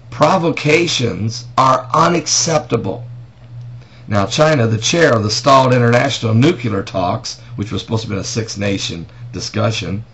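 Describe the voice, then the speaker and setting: A man of ordinary pitch talks through the news as a pastor in a casual vlog. He reads from an article and then breaks off with emphatic, pointed rhetorical questions. The recording sounds dull and lo-fi, with a faint hiss underneath. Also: creaky. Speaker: pastor and prophecy commentator. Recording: dull lo-fi audio with faint noise.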